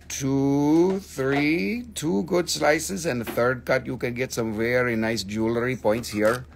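A man hosting a live sales stream, excitable and theatrical, swearing freely as he gushes over the goods. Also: on the high side. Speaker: live-stream seller, host.

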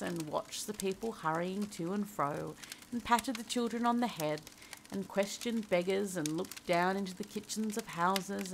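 A woman reading a classic story aloud as a cosy ASMR bedtime tale, soft and gentle, giving the characters their lines. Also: mid-range voice, vocal fry, a little hiss or hum, poor audio.

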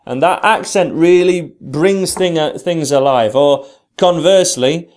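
A British man teaching guitar, explaining strumming and slowly counting the beats aloud. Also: fairly high pitch. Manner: counts along in a slow, drawn-out voice. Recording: guitar playing loudly behind the voice. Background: his own guitar playing.

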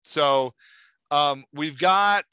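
A man's voice: a little high, drawn-out words, bright, forceful tone, smooth, no room sound. A man hosting a podcast and giving writing feedback in an enthusiastic, chatty way, with lots of "like". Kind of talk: casual chat.

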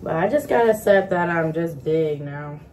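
A woman's voice: low voice, expressive, normal speed, darkish tone, a little hiss or hum. A young woman vlogger talking frankly to her viewers, swearing freely and venting about her life as a single mom. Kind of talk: casual chat to camera.

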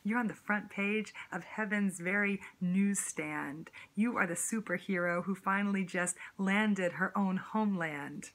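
A woman performing a spoken word poem, addressing the listener directly with a rhythmic, rhyming, sassy delivery that shifts between punchy emphasis and slow drawn-out lines. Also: mid-range voice, fairly bright tone.

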